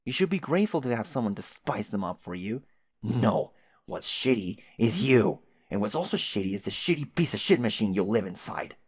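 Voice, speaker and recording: A man voicing a bratty, hot-tempered young male alien who shouts insults and demands answers. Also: lowish voice, very animated, normal speed, slightly rough. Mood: angry, demanding.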